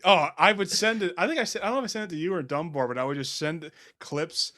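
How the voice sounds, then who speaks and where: A man's voice: fairly high pitch, fast talker, sharp tone. A man joining a late-night chat as a guest, swearing and amused. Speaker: guest comedian. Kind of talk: casual chat.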